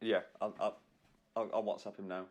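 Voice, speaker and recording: A man co-hosting a podcast in casual chat, joking and teasing and quick to laugh. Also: on the low side, flat delivery, darkish tone. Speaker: podcast co-host.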